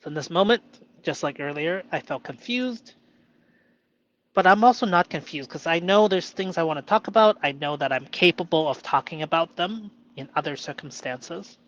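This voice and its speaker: A man talking alone about his inner state, halting and self-questioning, who sometimes argues playfully with a mock inner voice. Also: on the high side, animated, a bit bright, lo-fi sound. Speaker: vlogger reflecting on improv. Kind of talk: solo reflective monologue.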